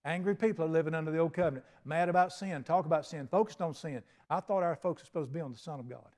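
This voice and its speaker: An older man preaching a sermon, folksy and storytelling, acting out little dialogues and swinging from soft to loud. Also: fairly high pitch, racing. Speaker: pastor.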